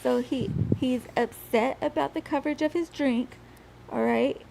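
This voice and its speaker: Woman slowly telling a history story on a podcast, gravelly voice, lots of laughing. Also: high-pitched, noisy background. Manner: laughs through her telling, halting restarts.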